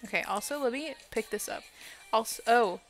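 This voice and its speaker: Young woman gaming streamer, slightly high voice, loose and profane chatter, faint music underneath. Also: normal speed. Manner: swears freely, blurts exclamations, rambles to chat. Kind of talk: casual live-stream chat while playing.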